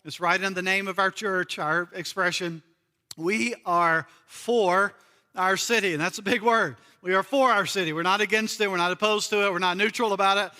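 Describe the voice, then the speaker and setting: Male pastor from the US, high and bright voice, earnest sermon delivery with repeated key phrases, long hall reverb. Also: fairly even intonation, quick pace, hardly any pauses. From United States. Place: church sanctuary.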